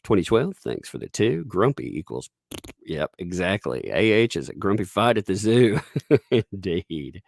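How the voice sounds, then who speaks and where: A man's voice: low voice, sing-song, unhurried, gravelly, a little mellow, no room sound, studio quality. A man with a Southern US accent, chatting casually on a live stream, rambling with restarts and frequent chuckles as he reads viewer tips.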